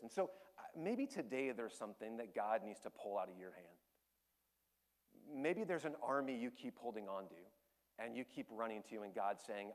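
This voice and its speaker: A man pastor preaching a sermon, telling a personal story candidly and emotionally, dropping to a hush and then rising animatedly. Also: mid-range voice, animated, normal speed.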